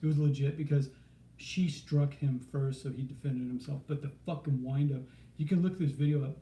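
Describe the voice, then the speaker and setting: A man on a live stream telling a lively story, swearing freely and acting out the people in it. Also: fairly high pitch, fairly quick. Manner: animated anecdote teller, profane, acts out quoted voices. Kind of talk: casual storytelling. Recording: roomy, faint background noise.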